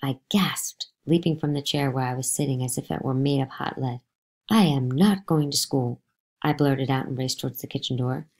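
A woman reading a novel aloud to a class, lively, with pitch jumps on the spoken lines. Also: brisk, few pauses.

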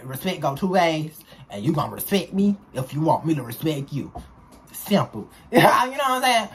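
A young woman speaks in a low voice at a moderate pace, with a bit of hiss or hum in the audio, as she casually tells viewers about her school days. Her storytelling is chatty, animated, and slang-filled.

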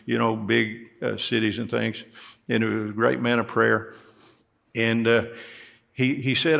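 Gravelly preaching pastor. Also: male voice, medium pitch, fairly bright tone. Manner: folksy preaching, rising emphatically on key words. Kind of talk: sermon. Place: church sanctuary.

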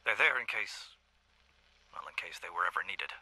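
A man's voice: deep voice, lively intonation, normal speed, sharp tone, husky, no room sound, heavily acted, poor audio. A man playing a stern, weary male schoolteacher, lecturing in a video game audio log.

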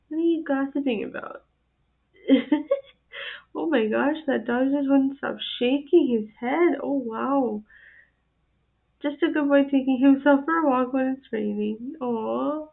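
A woman's voice: on the high side, creaky. A woman hosting a reaction channel, chatting casually and giggling often as she comments. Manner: chatty and giggly, laughing often between remarks. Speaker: host of an animal video reaction channel. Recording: tinny phone-like sound.

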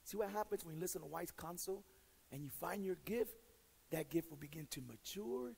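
This pastor's voice is a little high, raspy, gravelly, and a little mellow, with lively intonation and a brisk pace; a long reverb tail and poor audio mark the recording. His sermon weaves stories into teaching with direct, self-deprecating humor and frequent repeated or restarted words.

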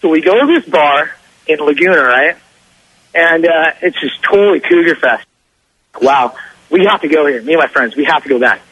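A young man calling a radio show who tells a story in a boastful, excitable, slangy way over the phone. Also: a little high, normal speed, husky, no room sound, dull audio. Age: young adult. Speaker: caller. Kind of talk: casual storytelling on a call-in show.

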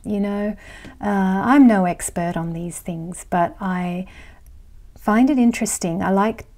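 A woman's voice: medium pitch, warm tone. A middle-aged woman vlogger chatting casually as she reads viewer comments, rambling with fillers and laughs. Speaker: astrology vlogger.

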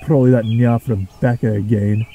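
A man voicing a grumpy, blunt male steam engine with a Scottish accent, gruff and grumbling. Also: medium pitch, fairly even intonation, moderate pace, mellow, lo-fi sound, slight background noise, close to an everyday voice.

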